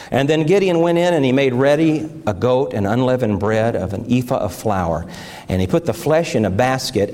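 This middle-aged preacher has a mid-range, somewhat mellow voice. Reading scripture and recounting his morning, he builds into fervent, emotional surges.

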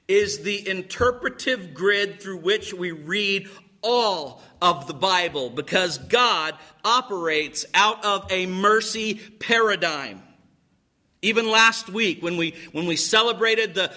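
Bright-voiced man preaching a sermon. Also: high voice. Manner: dramatic storytelling, swings between loud and hushed; repeats words when starting a phrase. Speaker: pastor.

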